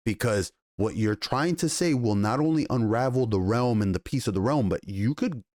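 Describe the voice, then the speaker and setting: A man casually reviewing a TV episode, retelling scenes with excited, profane enthusiasm and quoted dialogue. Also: mid-range voice, moderate pace, no echo, clean studio sound. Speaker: TV show reviewer.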